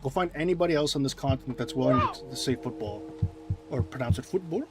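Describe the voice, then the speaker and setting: Over loud music, a man with a medium-pitched voice talks fast while live-streaming a game. He answers viewers casually in a sarcastic, mock-indignant way.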